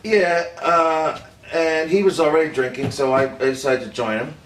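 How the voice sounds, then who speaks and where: An actor playing an older film director who recalls a secret White House meeting, telling it haltingly with many fillers and restarts. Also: male voice, fairly high pitch, steady tone, a bit bright, natural voice. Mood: hesitant. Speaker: actor in a staged confession. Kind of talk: rehearsed improvised storytelling. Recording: roomy, distant mic, faint room noise.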